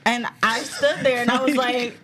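A woman with a somewhat high voice co-hosts a relaxed group chat. She jokes and laughs often as she tells her stories. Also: moderate pace, noisy background. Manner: laughs a lot, lively and joking. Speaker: podcast co-host. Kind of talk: casual chat, storytelling.

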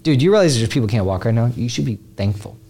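A man co-hosting a casual podcast, telling stories in a lively way and saying "dude" and "like" a lot. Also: medium pitch, fast talker. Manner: animated storyteller, says "dude" and "like" a lot. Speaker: podcast co-host.

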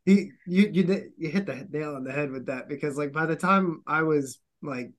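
A man's voice: fairly high pitch, normal speed. A man in his thirties from the United States hosts a podcast in casual chat. He is a former intelligence officer who swears freely and mimics people as he tells stories. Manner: profane, animated, mimics people.

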